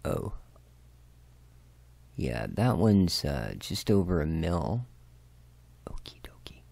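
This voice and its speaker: Casting note: middle-aged Canadian man with a Canadian accent, a lower voice with a gravelly edge, unhurried let's-play chatter. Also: sing-song, no echo. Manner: slow, chatty and self-joking, drifting to soft mutters. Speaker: gaming video host. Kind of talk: casual let's-play commentary.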